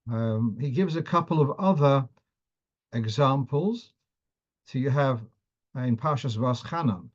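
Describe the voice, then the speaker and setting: A man's voice: medium pitch, a little mellow, lo-fi sound. A man teaching a class on the cantillation of Torah readings, who often restarts phrases as he explains and sometimes chants verses.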